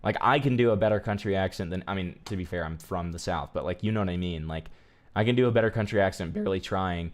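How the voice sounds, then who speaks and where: A man's voice: deep voice, fast. A man streaming and reacting to videos, chatting casually, exasperated and swearing often. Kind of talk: casual commentary.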